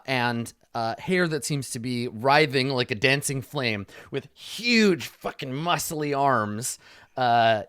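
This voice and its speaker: Male game master, casual rambling narration, mid pitch, dry close mic. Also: a bit bright, clean tone, no echo. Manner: rambling description with many fillers.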